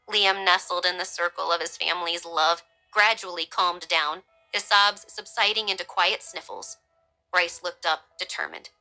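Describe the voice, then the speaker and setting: Bright-voiced woman narrating a story. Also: on the low side, steady tone, normal speed, faint music behind, poor audio.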